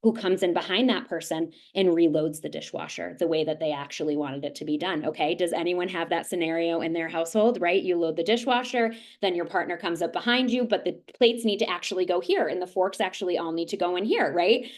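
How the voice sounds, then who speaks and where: A woman's voice: fairly low pitch, brisk. A woman presenting a parenting webinar as a nurse, casual and conversational, often checking in with "right?" and acting out little scenes. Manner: conversational, with frequent "right?" tags and animated acted-out asides. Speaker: nurse and lactation consultant presenter.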